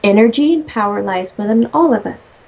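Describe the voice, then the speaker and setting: Woman in casual chat, chatty and laughing, swears freely, middle pitch, slightly dull lo-fi audio. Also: expressive, normal speed, gravelly, a little mellow. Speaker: medium relaying messages. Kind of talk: casual conversation.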